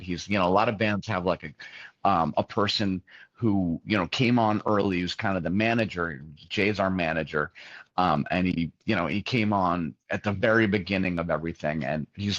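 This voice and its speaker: Male interview guest, fifties, low-pitched, loose storyteller, dull and dry audio. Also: fairly bright tone, no echo. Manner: rambling, many fillers and restarts. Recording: dull, muffled sound, dry.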